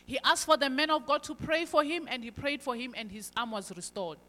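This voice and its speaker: Woman preacher, high bright voice, emphatic delivery, long hall reverb. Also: a little fast. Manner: emphatic, swinging between loud stresses and quiet asides. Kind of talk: sermon.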